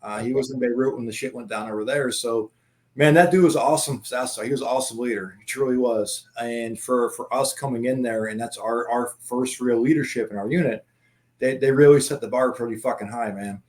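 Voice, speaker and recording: A man's voice: medium pitch, fairly quick, darkish tone. Profane rambling man telling stories. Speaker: guest. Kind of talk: casual chat.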